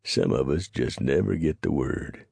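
A man's voice: rumbling low, unhurried, vocal fry, darkish tone, breathy edge, no room sound, full character voice. A man voicing a weary, tough frontier gunfighter who talks in a plain-spoken drawl. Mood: tired.

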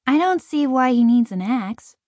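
A shrill, pleading little farm girl. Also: lively intonation, moderate pace, darkish tone, no echo. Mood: pleading, outraged. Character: distraught eight-year-old farm girl, fierce and tearful. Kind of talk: audiobook character voice.

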